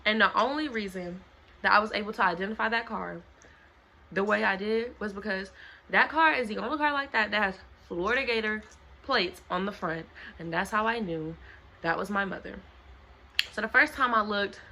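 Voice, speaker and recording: A young woman vlogger telling a story to camera in a casual, animated way, acting out what other people said. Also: medium pitch. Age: young adult. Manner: animated, dramatic retelling that acts out other people's lines. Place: home.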